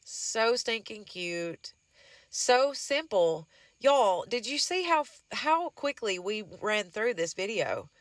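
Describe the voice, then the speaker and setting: In a dry recording, a Southern-accented DIY crafts vlogger with a hay-fever stuffy nose talks slowly through a craft project, her medium-pitched voice swinging widely. She's chatty and rambling in this casual how-to, often saying y'all and honey.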